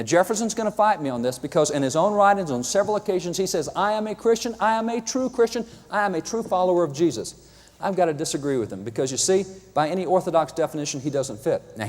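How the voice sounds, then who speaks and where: A man's voice: fairly high pitch, darkish tone. Emphatic man lecturing in a reverberant hall. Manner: emphatic, wry and ironic; reads out quotations. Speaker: public speaker on history. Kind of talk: lecture with slides.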